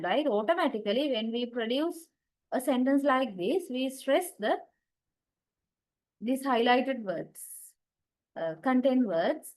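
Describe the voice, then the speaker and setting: Woman, lecturer, slightly high pitch, patient, repetitive, online class, computer mic. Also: low-quality recording. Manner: patient, repeats key points, frequent "okay" and "right". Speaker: English linguistics lecturer.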